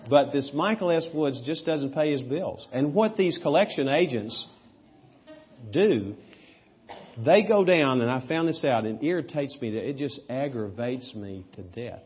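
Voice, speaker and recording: A man preaching a sermon, telling anecdotes with humor and sudden bursts of loud emphasis. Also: medium pitch, expressive, a little slow, dull audio. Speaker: pastor. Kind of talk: sermon with storytelling.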